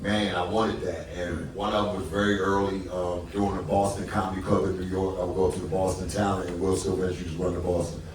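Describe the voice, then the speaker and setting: A comedian telling stories in casual stage chat, animated and laughing often. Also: male voice, sits low, fast, hardly any pauses, background noise. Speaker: comedian on a live stage talk. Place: theater with live audience. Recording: roomy theater sound from a distant mic, audience.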